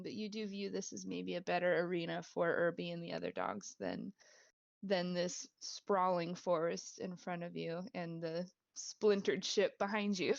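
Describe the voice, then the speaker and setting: A woman narrates a tabletop game as its dungeon master, rambling a little with fillers and breaking into laughs. Her voice is gravelly, on a dry, dull lo-fi mic. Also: lowish voice, dry recording.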